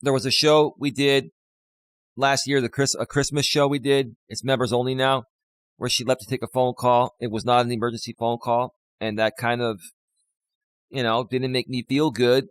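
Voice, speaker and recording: A man's voice: medium pitch, flat delivery, moderate pace, clear, resonant tone. A man, a life coach, talking on a live stream in an impassioned, preachy way that repeats points.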